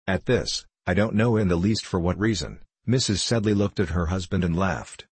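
A man narrating a classic novel in a measured, wry reading. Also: low voice, slight background noise.

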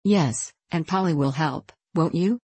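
A mischievous young boy who loves to tease and boss the girls, as a woman reads him. He drawls his words slowly and smugly in a low-pitched voice. The recording is close and dry. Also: a little mellow, slightly rough, dry recording. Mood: teasing. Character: mischievous teasing boy, cocky and bossy.

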